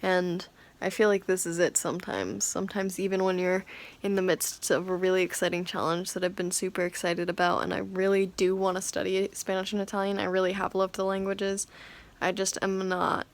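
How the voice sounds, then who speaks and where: A woman's voice: mid-range voice, little pitch movement, fairly quick. Tired woman vlogging candidly. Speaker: language-learning vlogger. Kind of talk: casual talk to camera.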